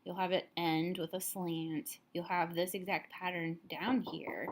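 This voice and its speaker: A woman teacher calmly walking students through a recorded lesson, explaining step by step, a little tired. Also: lowish voice, a little slow.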